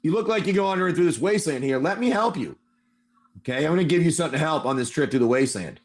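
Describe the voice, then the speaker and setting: A man's voice: a little high, expressive, quick pace, close to an everyday voice. A man voicing a ghoulish male doctor in the wasteland who haggles in a chummy, salesman-like way during a tabletop game. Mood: friendly.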